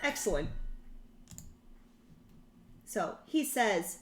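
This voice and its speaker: A young woman hosts a live language-learning stream in a chatty, rambling way, laughing as she goes. Her voice sits a little high. The room around her rings with a noticeable echo. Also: animated, measured pace, soft background music. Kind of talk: casual live-stream chat. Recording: roomy echo.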